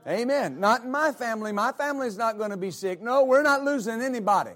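A man's voice: very high voice, expressive, fast talker, a bit bright. A male pastor preaching a sermon, emphatic and repetitive, often calling out amen. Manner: emphatic, repeats words, calls out amen.

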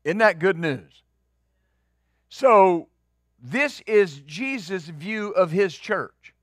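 A middle-aged male pastor preaching a sermon, conversational, rising into loud emphatic peaks. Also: high-pitched, expressive, very slow, no echo, clean studio sound.

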